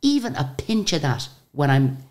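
An Irish woman with a very deep voice telling lively anecdotes in a casual interview. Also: normal speed. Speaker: singer and guest.

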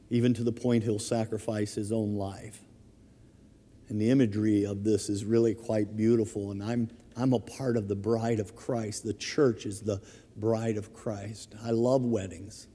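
A middle-aged man preaching as a pastor, telling stories with chuckles and animated emphasis. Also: lowish voice. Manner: storytelling, animated, chuckles through anecdotes. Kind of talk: sermon. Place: church sanctuary. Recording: long hall reverb.

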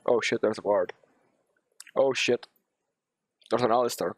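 A young man streaming a game live, talking to himself and yelling and swearing in sudden bursts at his teammates. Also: mid-range voice, fairly even intonation, measured pace, long pauses, dry recording, clean studio sound. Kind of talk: live gameplay commentary.

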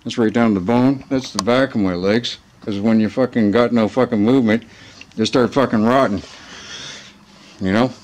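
A man's voice: medium pitch, normal speed, a little mellow, a little hiss or hum, low-quality recording. A man ranting in a rambling casual vlog, swearing freely and heated, often tagging his points with "right?", filmed on a handheld phone. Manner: profane and heated, keeps asking "right?". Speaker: vlogger.

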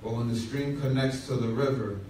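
A man's voice: mid-range voice, fairly quick, dark tone, slight background noise. A man pastor telling a humorous story in a sermon, with asides to the congregation. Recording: echoey room from far off.

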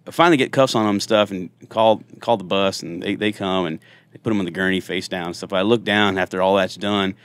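A man's voice: deep voice, fairly quick, clean tone. A man in his thirties, a singer and former police officer, telling funny stories in a casual podcast interview and acting out the quotes. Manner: animated, jokey storyteller who acts out quotes.

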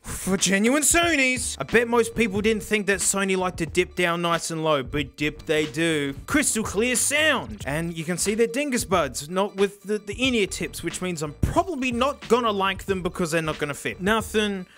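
A man's voice: sits high, lively intonation, moderate pace, hardly any pauses, a bit bright, soft background music. A young Australian man hosting a casual, joking product review, with playful sarcasm and stammered restarts. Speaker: host.

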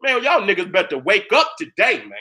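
A man's voice: high voice, big pitch swings, a little fast, creaky, sharp tone. A man hosting his own channel, giving a heated, profane lecture to his viewers, repeating his points over and over for emphasis. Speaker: host presenting history with maps.

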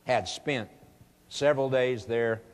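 A man delivering an evangelistic sermon in an unhurried, deliberate way. He pleads earnestly with his listeners and builds to fervent emphasis. His voice carries a long reverb from a large hall. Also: mid-range voice, fairly even intonation, clear, resonant tone. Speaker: preacher.

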